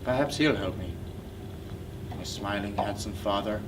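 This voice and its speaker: An actor playing a brooding, bitter man haunted by his family, speaking intensely and often in a hush. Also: lowish voice, unhurried, close to an everyday voice. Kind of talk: stage play acting. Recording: distant mic with noisy hiss.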